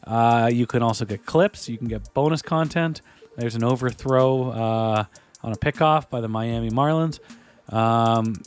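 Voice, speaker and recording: A man co-hosting a hockey podcast, chatting casually and reading the show's plugs with a joking manner. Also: mid-range voice. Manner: joking, reads listener plugs conversationally. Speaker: podcast co-host.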